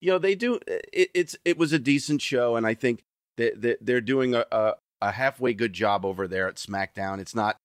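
A man co-hosting a podcast in casual chat, measured and agreeable, often restarting his sentences. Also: mid-range voice, no echo, clean studio sound. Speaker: podcast co-host.

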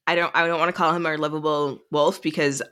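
A woman's voice: deep voice, level tone, quick pace, a bit bright. A woman co-hosting a casual book podcast, talking animatedly and acting out characters' lines. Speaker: podcast co-host.

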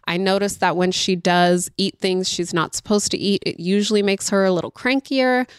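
Chatty homeschool mom telling a story, animated, talks right to you, dry sound. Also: female voice, medium pitch, moderate pace, smooth, no room sound. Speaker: homeschooling mother. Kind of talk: casual storytelling monologue.

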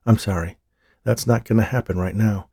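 A man voicing a calm, gentle psychic medium who speaks soothingly, in an audiobook. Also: lowish voice, normal speed, creaky, slightly rough, dry recording, clean studio sound. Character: calm, smooth-talking male psychic medium.

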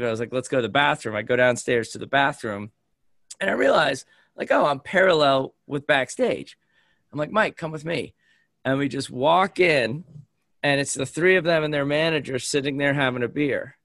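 A man's voice: medium pitch, brisk, dry recording, studio quality. A man in his fifties with an American accent, telling a story in casual podcast chat and acting out the people he quotes. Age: 50s. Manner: animated, acts out quoted voices. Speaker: podcast co-host.

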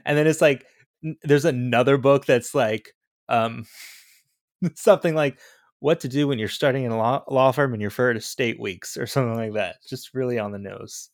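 A man's voice: medium pitch, normal speed, no echo, clean studio sound. A man co-hosting a podcast, chatting about a movie in a jokey, casual way with plenty of fillers. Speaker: podcast co-host.

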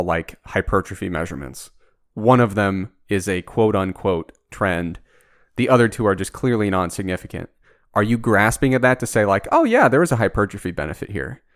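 A man hosts a podcast with a low, steady voice recorded close and dry. He works through his points analytically, leaning on examples, and slips in dry teasing jokes along the way. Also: no room sound. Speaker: podcast host. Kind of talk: casual chat.

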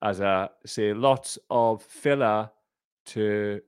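A man's voice: on the low side, drawn-out words, clear, resonant tone, dry recording, clean studio sound. A man hosting a casual livestream, rambling, heartfelt and sweary. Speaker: podcast host.

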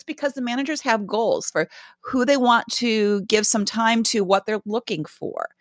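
A woman's voice: medium pitch, moderate pace, dry recording. Older woman co-host, dry close sound. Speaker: podcast co-host. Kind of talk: casual chat.

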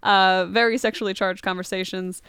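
A woman's voice: mid-range voice, fairly even intonation, a little fast, fairly bright tone, slight background noise. A woman hosting a podcast, casually retelling a movie plot in a chatty way, laughing now and then. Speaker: podcast host.

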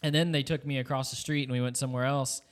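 A young man at a middle pitch hosts a casual podcast and retells a night out in a loose, rambling way. He leans on fillers and restarts and gets more animated as the story builds. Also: quick pace, clear, resonant tone. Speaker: podcast host.

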